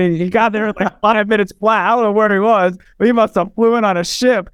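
Man, earnest storyteller, smooth resonant voice, dry close sound. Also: high voice, quick pace, hardly any pauses, no echo. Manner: earnest, emotional, frequent restarts. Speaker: podcast guest. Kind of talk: personal storytelling.

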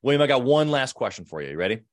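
A man's voice: medium pitch, big pitch swings, very fast, dry recording. A man hosting a podcast interview, talking conversationally and affirming his guest often. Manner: affirming, conversational, frequent agreement. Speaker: podcast host.

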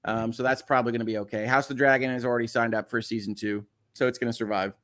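A man's voice: medium pitch, steady tone, racing, fairly bright tone. A man in his thirties hosting a casual morning livestream, chatting and reading viewer comments with lots of fillers. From Michigan. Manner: chatty, rambling, many fillers. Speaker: livestream host.

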